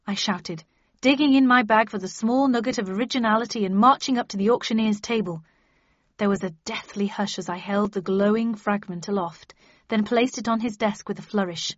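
A woman reading a first-person audiobook with measured, expressive storytelling. The sound is dry with no room echo and slightly muffled. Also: medium pitch. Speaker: audiobook narrator. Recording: dull dry studio recording.

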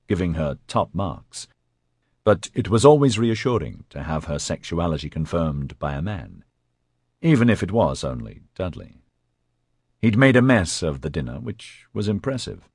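A male narrator with a very deep voice that rises and falls with lively intonation. He tells the story expressively, with a dramatic touch. The read is close and dry, with no room echo. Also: husky. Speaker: audiobook narrator. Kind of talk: scripted narration.

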